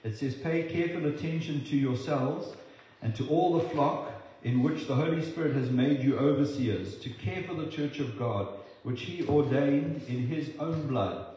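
A man's voice: mid-range voice, moderate pace, mellow, very echoey, dull audio. A male pastor preaching a sermon, repeating words as he restarts and acting out the voices of people he quotes.

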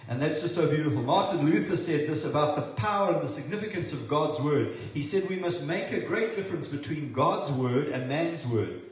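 Earnest pastor man from south africa, kinda high voice, booming echoey room, mic far off. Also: lively intonation, moderate pace, hardly any pauses. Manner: earnest, repeats words for emphasis. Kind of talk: sermon.

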